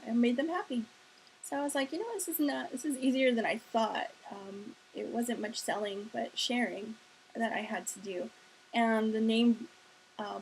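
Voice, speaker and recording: A woman's voice: fairly high pitch, poor audio. A woman casually telling a personal story in a chatty manner, laughing and acting out the quotes. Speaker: sales leader telling her story. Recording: faint hiss.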